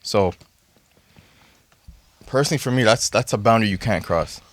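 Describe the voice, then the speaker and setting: A man from Toronto, co-hosting a casual podcast, telling a story with animated stammering restarts. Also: fairly low pitch, moderate pace, no echo. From Toronto, Canada. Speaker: podcast co-host.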